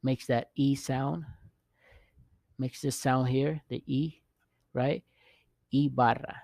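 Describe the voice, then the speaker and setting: A man teaching Spanish vowels in a casual video lesson, pausing often to check in with the viewer. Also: medium pitch, fairly even intonation, creaky, darkish tone, no room sound. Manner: halting, restarts often, checks in with "okay?" and "right?".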